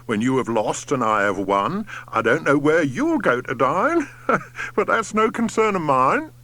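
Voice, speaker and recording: A man's voice: fairly high pitch, sing-song, moderate pace. A man doing a brash, boastful hare. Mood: scornful, boastful. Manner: loud, brash and mocking. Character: boastful, scornful young male hare.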